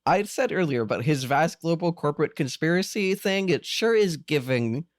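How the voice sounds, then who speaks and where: A podcast co-host recapping a TV episode in casual chat, animated, swearing freely and laughing often. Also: mid-range voice, moderate pace, dry recording, clean studio sound.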